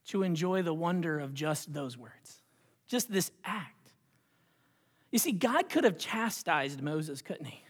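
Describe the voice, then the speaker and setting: A pastor preaching a sermon in a church, moving between hushed whispers and rising, repeated phrases. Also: mid-range voice, slightly rough. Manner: dramatic, with hushed whispered passages and rising repetitions. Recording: long hall reverb.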